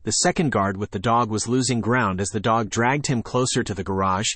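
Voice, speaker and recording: A man narrating an audiobook story in a steady reading voice, lightly voicing the characters. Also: on the low side, a little fast, dry recording. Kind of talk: scripted narration.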